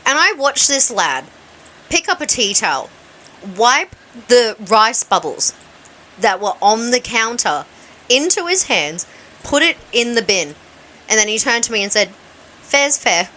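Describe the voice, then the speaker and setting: Aussie lady podcast cohost, animated storyteller, does the voices in her stories, bright sharp tone. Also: fairly high pitch, measured pace. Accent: Australian. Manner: animated anecdote teller, acts out dialogue, laughs often. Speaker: radio co-host. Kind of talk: casual chat.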